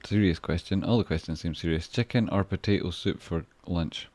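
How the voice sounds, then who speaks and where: A Scottish man with a deep, low voice talks loosely through a livestream, reading out chat and heaping on thanks. He swears freely and rambles in a relaxed way. The sound is close and dry, with no room around it. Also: fairly quick, dry recording. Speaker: stock trading livestreamer. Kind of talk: casual livestream chat, reading viewer messages.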